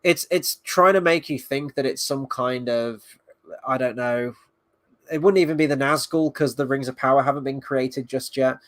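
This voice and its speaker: A man's voice: mid-range voice, moderate pace, fairly bright tone, dry recording, studio quality. Sarcastic, rambling male reviewer. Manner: rambling, sarcastic, swears, mocks scenes in quoted voices. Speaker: video reviewer. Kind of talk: casual spoken review.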